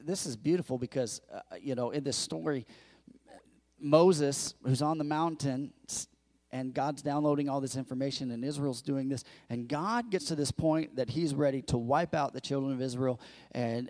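Male pastor, fairly high voice, lively sermon delivery with acted-out quotes and jokes. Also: moderate pace. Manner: animated preaching, acts out quotes in raised voice, jokes with congregation. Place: church.

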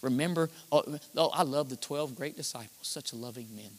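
A man preaching a sermon into a handheld microphone, lively, swinging from near-shouts to hushed tones. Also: mid-range voice, moderate pace. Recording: live in a reverberant hall.

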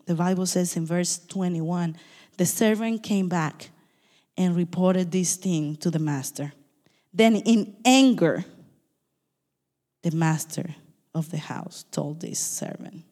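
Fast-talking woman pastor preaching in a reverberant hall. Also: on the low side, fairly even intonation, mellow. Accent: non-native English accent. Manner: fast, emphatic preaching with asides and apologies. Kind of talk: sermon.

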